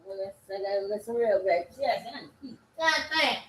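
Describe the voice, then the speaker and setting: A woman talking in a rambling solo monologue, breaking into sing-song chants and sudden loud cursing outbursts. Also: medium pitch, animated, moderate pace, reverberant, a little hiss or hum.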